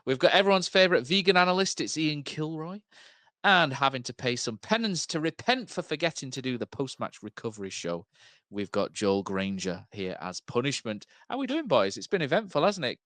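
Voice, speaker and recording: A man's voice: a little high, very animated, a little fast, a bit bright, no room sound. A man hosting a football podcast, introducing guests with teasing banter. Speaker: podcast host. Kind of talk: casual podcast chat.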